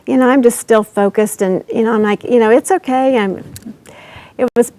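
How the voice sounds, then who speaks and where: A woman hosting a faith livestream, telling a personal story in an animated way and acting out the voices she quotes. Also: fairly high pitch, normal speed, dry recording. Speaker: summit host.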